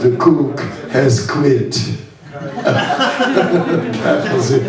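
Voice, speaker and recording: A man's voice: medium pitch, a loud crowd. A man, a monk giving a seminar, telling stories with frequent chuckles. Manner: slow, chuckling, anecdotal. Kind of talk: storytelling talk. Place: hall at a summer camp. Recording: echoey hall from far off, audience.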